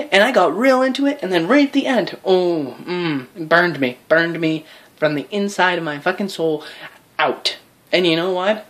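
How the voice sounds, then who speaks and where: A young adult vlogger rambling casually to camera, swearing freely and acting out little quoted scenes. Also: medium pitch. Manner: profane, rambling, animated with acted-out quotes.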